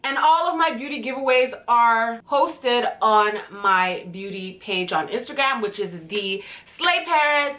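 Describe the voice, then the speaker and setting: A young woman in her twenties from Canada talking excitedly through a beauty product first-impression vlog, chatty and swearing casually. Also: medium pitch. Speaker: beauty vlogger.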